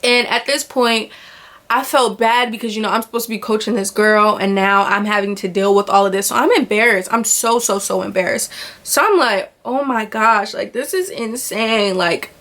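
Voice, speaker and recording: A woman's voice: medium pitch, a little fast. Young woman vlogger, casual storytime, acts out the voices in her story. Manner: animated retelling, acts out quoted voices, filler "like" often.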